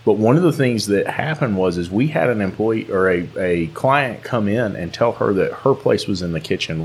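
A man's voice: lowish voice, lively intonation, a little fast, hardly any pauses, slightly rough. A man with a Southern US drawl hosting a podcast, talking earnestly with frequent restarts. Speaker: podcast host. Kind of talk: casual podcast chat.

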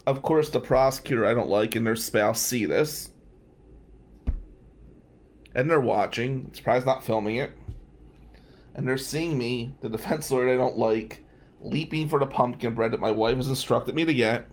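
A man's voice: mid-range voice, moderate pace, pauses often, a little hiss or hum. Wry storytelling man from New Jersey. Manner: wry, profane, animated anecdotes. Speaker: podcast host and defense lawyer. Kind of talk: casual storytelling.

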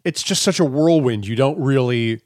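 A middle-aged man co-hosting a podcast, telling stories in a casual, profane, animated way. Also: mid-range voice, moderate pace, no room sound, clean studio sound. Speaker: podcast co-host. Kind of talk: casual chat.

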